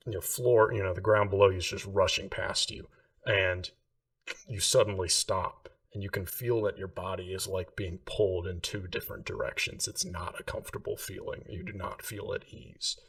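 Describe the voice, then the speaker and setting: Low-voiced guy game mastering, loose rambly narration, sitting back from the mic. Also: steady tone, moderate pace, a bit bright, far from the mic. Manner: loose, filler-heavy narration.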